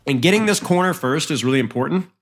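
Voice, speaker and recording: A man's voice: on the high side, animated, quick pace. A man working as an esports coach, reviewing match footage with blunt, emphatic critique and frequent repeats. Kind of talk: analytical game review.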